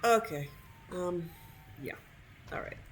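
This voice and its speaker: A woman's voice: lowish voice, expressive, slow. A woman giving casual, opinionated commentary while she plays a video game, laughing often. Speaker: gameplay streamer. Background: game music.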